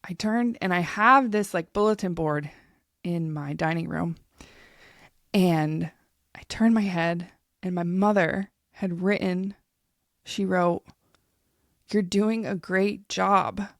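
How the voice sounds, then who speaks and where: A woman's voice: lowish voice, takes it slowly, pauses often, dry recording, clean studio sound. A woman in her thirties hosting a podcast, telling a personal story in a candid, emotional way and swearing freely. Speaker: podcast host.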